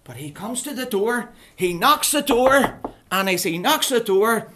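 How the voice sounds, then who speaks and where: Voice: medium pitch, unhurried. Playful storyteller for children. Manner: playful, animated, keeps asking the children questions. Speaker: preacher telling a story to children. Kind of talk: children's Bible story talk.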